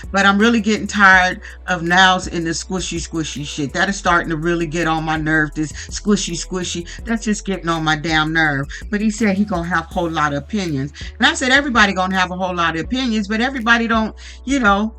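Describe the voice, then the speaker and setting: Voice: medium pitch, sharp tone, low-quality recording. A YouTuber ranting bluntly and profanely while recapping a reality show. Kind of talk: casual profane commentary.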